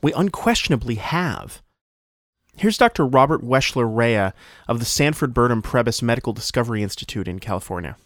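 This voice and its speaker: A man's voice: medium pitch, animated, fairly quick, dry recording, studio quality. A man narrating a science feature from a script, introducing expert speakers.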